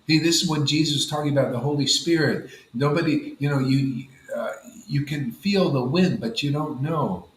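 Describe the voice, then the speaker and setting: A man speaks at a devotional gathering in a loose, animated way, tossing in "man" and "you know" as he goes. His voice sits a bit high for a man. The room is echoey, with a faint hiss of background noise. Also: normal speed. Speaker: spiritual teacher. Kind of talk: informal devotional talk.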